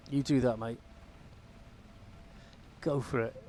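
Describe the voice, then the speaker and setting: A man's voice: medium pitch, steady tone, normal speed, a little mellow. A man giving casual, rambling commentary while flying a helicopter in a VR game, with wry asides. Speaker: gamer flying a VR helicopter sim.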